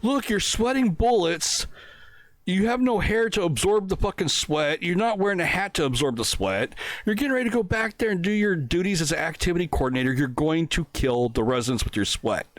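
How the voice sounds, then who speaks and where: A man's voice: sits high, expressive, fairly quick, dry recording. A middle-aged man telling a crude story in casual podcast chat, laughing often. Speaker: podcast co-host.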